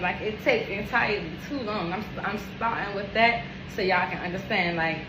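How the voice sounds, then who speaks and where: A young woman hairstylist telling a story to her phone camera, animated, emphatic and full of swearing. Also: medium pitch, moderate pace, few pauses. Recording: echoey room with steady background noise.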